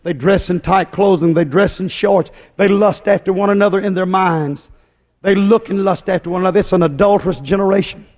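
A man delivers a fiery sermon in a high, ringing voice. He drives each point home with emphatic repetition. His words ring out with a long reverb through a church hall. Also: fairly even intonation, brisk, a little mellow. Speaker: preacher.

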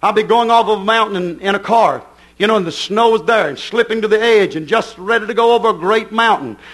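A middle-aged man preaching a fervent sermon, swinging from quick asides to slow, shouted declarations. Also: sits high.

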